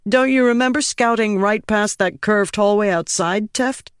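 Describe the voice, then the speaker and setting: A man voicing a brisk, matter-of-fact woman army scout in an audiobook. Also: mid-range voice, clear, resonant tone, no echo, clean studio sound, pitched above the performer's own voice, natural voice.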